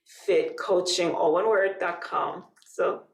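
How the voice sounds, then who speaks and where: A woman's voice: fairly low pitch, fairly even intonation, takes it slowly, roomy sound. A woman guest on a podcast, a fitness coach speaking in casual chat, laughing often and encouraging emphatically.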